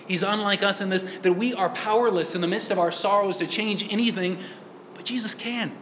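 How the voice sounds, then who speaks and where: A man's voice: high voice, brisk, fairly bright tone, roomy sound, a little hiss or hum. A man giving a sermon in a church, earnest and full of rhetorical questions. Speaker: priest.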